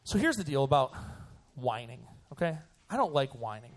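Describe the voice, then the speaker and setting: A young man, a youth pastor, giving a joking, animated sermon to students. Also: mid-range voice, normal speed. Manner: animated and joking, acts out voices.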